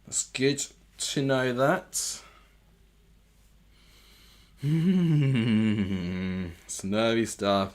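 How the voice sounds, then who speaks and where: A man's voice: on the low side, drawn-out words, long pauses. A man streaming a live football watchalong from home, reacting to the match and often correcting himself aloud as he goes. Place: home room with TV.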